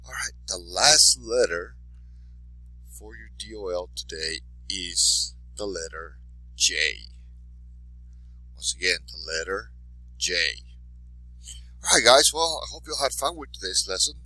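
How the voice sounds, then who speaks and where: A man's voice: low voice, expressive, measured pace, long pauses, sharp tone, no echo, low-quality recording. A man teaching a lesson in English, patiently saying each example word twice. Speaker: Spanish teacher. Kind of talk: recorded classroom lesson.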